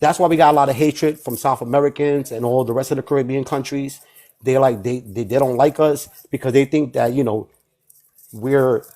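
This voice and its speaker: A Puerto Rican man with a New York accent, making a rambling, defensive case in a heated online debate and flaring into shouting when challenged. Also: mid-range voice. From Puerto Rico. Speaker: debate participant.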